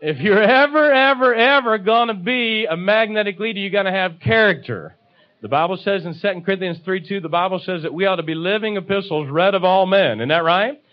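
A man's voice: high voice, brisk, highs cut off. A man preaching a sermon, emphatic, repeating key phrases and calling for responses from the congregation.

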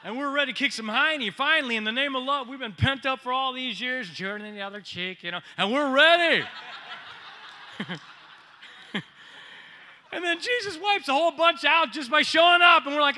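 This man's voice is very high-pitched, moving at a normal speed with frequent pauses over slight background noise. He's a pastor preaching a sermon, joking animatedly with the congregation and calling out questions to them.

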